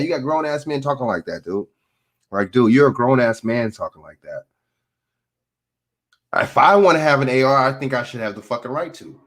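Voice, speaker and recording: A man's voice: mid-range voice, expressive, normal speed. A man hosting a stream, giving blunt, profane commentary on clips and repeating himself as he answers chat. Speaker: streamer host reacting to clips. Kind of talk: casual opinionated commentary.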